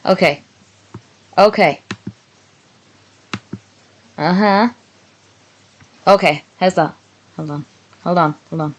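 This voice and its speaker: Slow, low-voiced woman streamer. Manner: loud, pleased, fussing with mic. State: sick and congested. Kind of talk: casual livestream chat.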